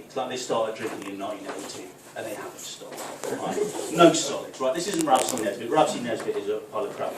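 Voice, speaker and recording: A man performing a stand-up comedy set, telling a story and tagging his lines with "right?" before a live audience. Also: fairly low pitch. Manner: storytelling with frequent "right?" tags. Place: football club function room with a live audience. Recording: echoey room from far off, noisy ambience.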